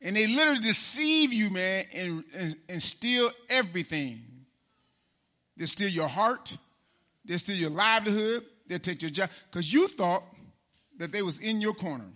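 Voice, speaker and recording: A man preaching a casual sermon in a church, talking straight to the congregation and calling people by name, then slowing down to read scripture aloud. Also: high voice, animated, sharp tone. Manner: conversational, addresses congregation by name, slows for scripture. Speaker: pastor.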